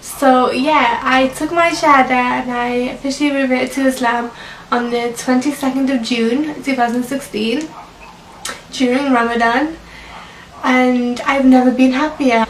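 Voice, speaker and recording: Young woman vlogger with a high voice, chatty and emotional personal telling; roomy, distant recording. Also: fairly even intonation, a little slow, slight background noise. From Britain. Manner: chatty, emotional, many fillers like "like" and "you know". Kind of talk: personal story told to camera. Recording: echoey room, mic at a distance.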